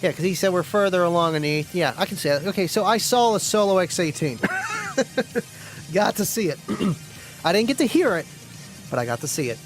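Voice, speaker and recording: A man with a noticeably high-pitched voice hosts a casual live stream in a rambling, chatty way. He reads viewer comments aloud and keeps clearing his throat. Faint music plays under his talk. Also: very animated, normal speed, rough recording.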